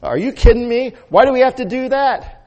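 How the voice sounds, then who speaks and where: A preacher voicing a selfish churchgoer who whines loudly and indignantly in a very high voice. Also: male voice, expressive, brisk, highs cut off. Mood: indignant whining. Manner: shrill, loud, indignant whining. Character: whiny, complaining churchgoer, selfish adult.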